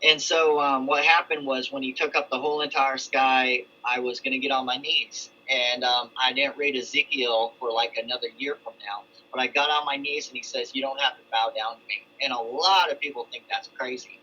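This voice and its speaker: A man's voice: mid-range voice, steady tone, normal speed, few pauses, bright, forceful tone. A middle-aged man telling his own testimony in a loose, rambling way, full of restarts and asides. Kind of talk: casual storytelling testimony. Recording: dull lo-fi sound with faint ambience.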